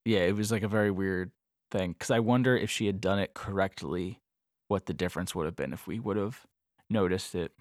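Man, podcast co-host, deep voice, halting casual chat, dry close sound. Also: no echo. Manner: halting, full of "like" and restarts.

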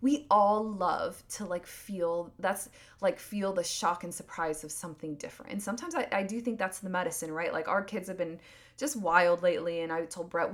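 A woman in her thirties hosts a solo podcast, speaking in a lowish voice at normal speed with fairly even intonation. Her casual monologue is earnest and rambling, packed with "like" and restarts.

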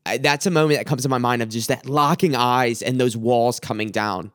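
A young man hosting a podcast, giving a reflective faith talk in an earnest, halting way, often repeating words as he tells a personal story. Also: mid-range voice, steady tone, dry recording, clean studio sound. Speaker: podcast host.

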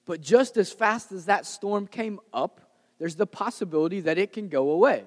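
A man's voice: high voice, expressive, normal speed, long reverb tail. Man preaching with a conversational swing. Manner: conversational, swings between loud emphasis and soft hushed lines. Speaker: pastor. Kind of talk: sermon.

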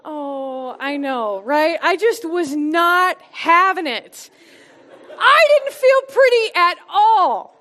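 A woman with a high voice gives a personal testimony and teaching at a church gathering. She speaks earnestly and from the heart, letting her voice sink soft and quiet to stress a point. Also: animated, takes it slowly. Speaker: church small-group speaker.

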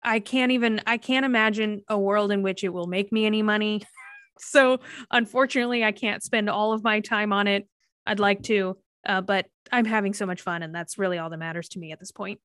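A woman's voice: mid-range voice, steady tone, brisk, a bit bright, smooth, no room sound. A woman speaks as a podcast guest, recorded close and dry with no room sound. She rambles through childhood stories with a loose, giggly delivery. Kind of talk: casual interview chat.

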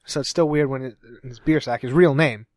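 A man's voice: mid-range voice, brisk, no echo, clean studio sound. Rambling young man podcast co-host. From Cincinnati, USA. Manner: rambling, self-correcting, laughs often. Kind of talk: casual chat.

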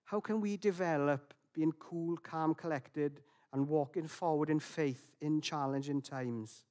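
A man preaching a sermon in a reflective, gentle way, with frequent restarts and fillers. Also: on the high side, a little slow.

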